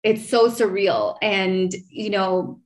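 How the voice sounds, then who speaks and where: A woman in her thirties hosts a casual podcast chat. She tells a long personal story in a rambling, heartfelt way, with her voice sitting at an everyday middle pitch. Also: slow. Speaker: podcast host.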